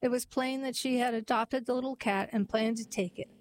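A woman narrating a heartwarming story and then reading a poem aloud in a gentle, even storytelling manner. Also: on the high side, a little fast, poor audio.

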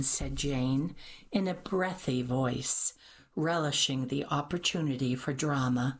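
A woman narrating a novel in a measured, even manner. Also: extremely low pitch, breathy edge. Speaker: audiobook narrator. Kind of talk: scripted narration.

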